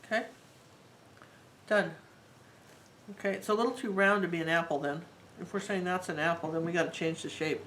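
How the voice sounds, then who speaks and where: A woman's voice: on the low side, fairly quick, pauses often, low-quality recording. A woman teaching a live painting tutorial, talking in a chatty and rambling way as she works. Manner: chatty, rambling and warmly enthusiastic. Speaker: art teacher.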